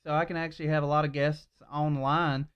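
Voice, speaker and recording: A man's voice: on the high side, flat delivery, brisk, smooth, muffled recording. A man co-hosting a casual podcast, telling rambling, laid-back stories into a shared mic at home. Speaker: podcast co-host. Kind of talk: casual chat. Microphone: shared swivel mic.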